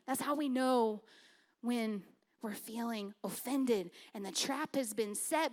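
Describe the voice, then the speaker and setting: On the high side in pitch, this woman pastor gives a humorous, conversational sermon, swinging between loud emphasis and soft, intimate passages.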